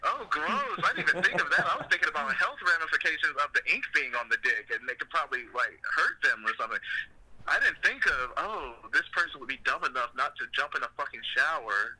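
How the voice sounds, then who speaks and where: A man's voice: a little high, fast talker, poor audio. A man co-hosting a casual comedy podcast, telling stories with lots of laughter. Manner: animated storytelling, laughs often. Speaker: podcast co-host. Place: room in Los Angeles.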